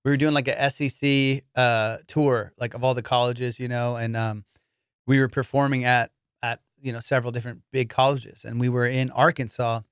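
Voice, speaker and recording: A man's voice: medium pitch, level tone, moderate pace, clean tone, no echo, clean studio sound. A man hosting a comedy podcast, telling casual stories in a loose, profane way, full of fillers and dude. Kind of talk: casual storytelling chat.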